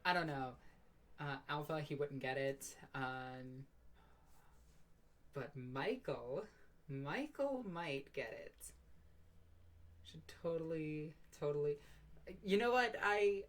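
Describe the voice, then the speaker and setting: A woman with a low-pitched voice hosts her own live stream from home at her computer. She rambles loosely, mocks herself, and swears without a second thought. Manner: rambling, self-mocking, swears freely. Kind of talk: casual live stream chat.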